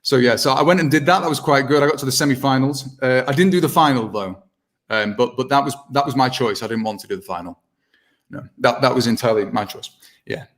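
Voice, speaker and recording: A man's voice: mid-range voice, quick pace, fairly bright tone. A British man, an impressionist guest, chatting casually over a video call, rambling and self-mocking with many restarts. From Britain.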